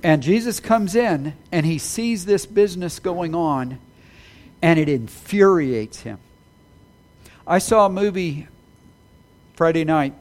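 A man preaching an Easter sermon, building to emphatic peaks with quick apologetic asides. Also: high voice, a little mellow. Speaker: pastor.

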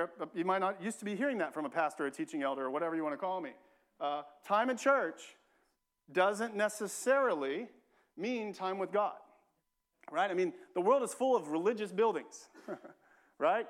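A male pastor delivers a sermon in a church. His voice sits high for a man, and he keeps it loose and conversational, repeating key phrases and tossing in "right?" to check on his listeners. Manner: conversational, repeats himself, frequent "right?" asides.

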